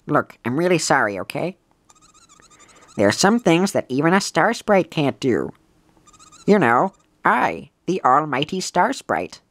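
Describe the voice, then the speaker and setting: A woman doing a gruff, sulky star sprite. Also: low voice, very animated, unhurried, pauses often, no room sound, voice pushed down, heavily acted. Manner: self-important and sulky. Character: pompous, gloomy magical star sprite.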